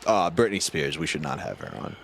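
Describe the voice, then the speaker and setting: A man's voice: low voice, sing-song, fairly quick, creaky, a bit bright, a little hiss or hum. A male podcast co-host in casual comedic banter, joking and teasing. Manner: joking, teasing, throws in silly voices.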